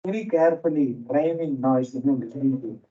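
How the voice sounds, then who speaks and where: A man's voice: mid-range voice, fast talker. A man with an Indian English accent, lecturing teachers as a management teacher, telling stories and repeating key phrases for emphasis. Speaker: management teacher giving a faculty talk. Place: lecture hall with a noisy fan. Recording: dull, distant hall recording.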